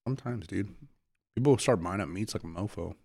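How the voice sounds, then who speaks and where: A man's voice: low-pitched, fairly quick, vocal fry, a little mellow, slightly rough, dry recording, clean studio sound. A man co-hosting a podcast, telling rambling stories in casual chat and laughing often. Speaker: podcast co-host.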